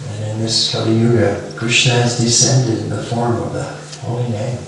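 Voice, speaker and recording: Man, middle-aged, devotional lecture, storytelling, soft chanting, questions to listeners, faint hiss. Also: on the low side, flat delivery, normal speed. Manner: chants the mantra softly between remarks. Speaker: devotional speaker. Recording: echoey room, far from mic, faint hiss.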